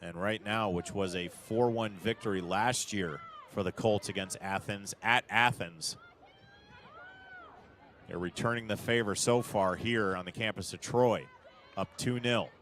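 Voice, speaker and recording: A man doing live play-by-play commentary of a soccer match, calling the action at a steady pace and rising sharply when a big chance comes. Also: lowish voice, measured pace, slight background noise.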